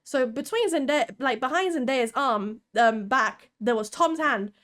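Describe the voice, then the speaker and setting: A young Italian woman vlogs to camera, excitedly telling a story in a high, unhurried voice. She often laughs and restarts her sentences.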